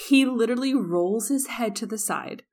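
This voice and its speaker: A young woman co-hosting a podcast, telling a casual story in an animated way and acting out the quotes. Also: a little high, moderate pace. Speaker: podcast co-host.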